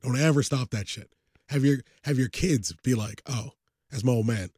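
A man's voice: mid-range voice, normal speed, husky, no room sound, studio quality. A man co-hosting a sports podcast in loose, profane casual chat. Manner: profane, animated, breaks into song. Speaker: podcast co-host.

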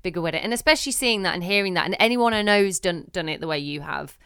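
A woman's voice: on the low side, lively intonation, fast talker, clean tone, no room sound, studio quality. Gushing young woman on a podcast. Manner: warm, gushing and effusive. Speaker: podcast co-host. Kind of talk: casual chat.

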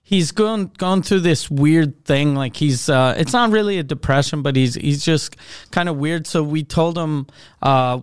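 A man's voice: on the high side, measured pace, clear, resonant tone, dry recording, studio quality. A man co-hosting a podcast in casual chat, speaking hesitantly with many fillers.

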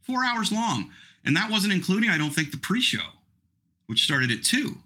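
Chatty man with a bright husky voice. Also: high-pitched, big pitch swings, normal speed. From Canada. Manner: chatty, rambling, self-mocking. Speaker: podcast host. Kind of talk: casual chat.

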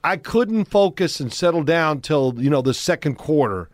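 A man's voice: a little high, animated, normal speed, dry recording. A man in his sixties, a former quarterback and studio guest, telling rambling, folksy stories and acting out what others said. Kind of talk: casual storytelling chat. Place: podcast studio.

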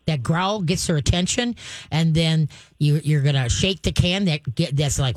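A woman's voice: low-pitched, measured pace, no echo. A woman hosting a call-in show as a dog trainer, chatty and folksy, acting out firm commands. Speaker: dog trainer radio host. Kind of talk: casual call-in advice.

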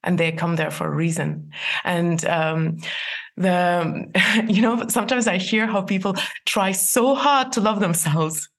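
A woman's voice: on the low side, fairly even intonation, measured pace. A woman in her forties, a guest in an interview, giving earnest advice with frequent laughs and restarts. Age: 40s. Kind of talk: interview conversation.

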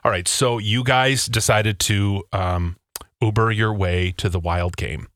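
A male radio host in casual banter who leads the talk with pointed questions. His voice is bright and mid-pitched and sits dry and close on the mic. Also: fairly even intonation, unhurried, dry recording. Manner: leading, asks pointed questions.

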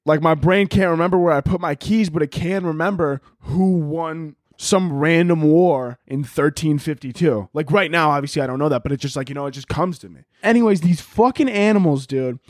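A young man hosting a casual solo podcast, rambling and swearing constantly, and jumping into loud, high-pitched voices when he quotes people. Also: fast, hardly any pauses, no room sound, clean studio sound. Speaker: podcast host.

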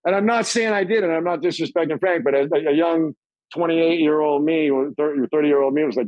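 Animated, profane middle-aged man telling stories. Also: fast, no room sound, dull audio. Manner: animated, profane, acts out quoted voices in a higher pitch. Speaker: interview guest, drummer. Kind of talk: casual storytelling interview.

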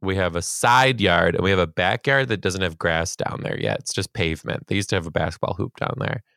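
A very deep-voiced man co-hosting a podcast, with gravelly fry under a smooth, resonant tone. He chats expressively and reacts with big, animated responses, recorded close in a dry space. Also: fairly quick, no room sound. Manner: expressive, reacts loudly, laughs often. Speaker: podcast co-host. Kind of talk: casual chat.

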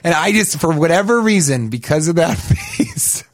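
A man telling a wild anecdote in casual chat, stammering and restarting, swearing freely and growing louder as the story builds. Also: moderate pace. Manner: animated, stammering restarts, gets louder and higher as the story peaks.

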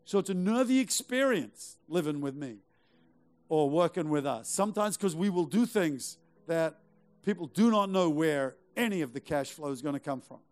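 At a moderate pace, a middle-aged man preaches with a slightly high, expressive voice. He exhorts the congregation emphatically, leaning on rhetorical questions and repeated phrases.

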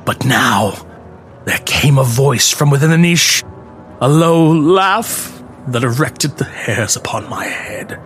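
Slow, theatrical male horror narrator. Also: mid-range voice, lively intonation, soft background music. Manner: slow, theatrical, dropping to hushed whispers for dread. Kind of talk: dramatic reading of a classic horror story.

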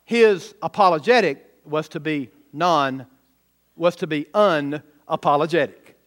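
A man's voice: a little high, a little slow, a bit bright. A man preaching a sermon, emphatic and often putting rhetorical questions to the congregation. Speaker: pastor.

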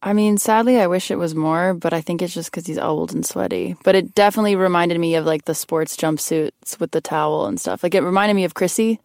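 A woman's voice: on the low side, fairly quick, few pauses, a little mellow, no echo, studio quality. A woman co-hosting a podcast in casual chat, blunt and full of "like" fillers. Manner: blunt, filler-heavy with frequent likes. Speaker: podcast co-host.

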